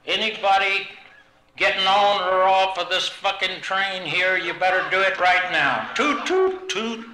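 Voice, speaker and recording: Man doing a cursing little boy playing train: high, squeaky, bellowing in a roomy hall. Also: a little slow, slight background noise. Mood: bratty. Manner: shouty, sing-song train calls. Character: foul-mouthed little boy on a bicycle. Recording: roomy live banquet hall.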